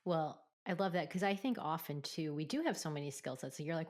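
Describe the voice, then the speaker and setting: A woman's voice: low-pitched, fast, hardly any pauses, darkish tone. A woman hosting a podcast interview, asking long, reflective questions and affirming her guest. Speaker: podcast host. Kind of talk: conversational interview.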